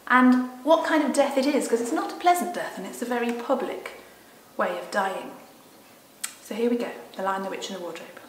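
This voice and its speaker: A woman leads a children's Sunday school class, reading a storybook aloud gently and with expression. Her voice sits a little high. The room around her gives a noticeable echo. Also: expressive, normal speed, slight background noise.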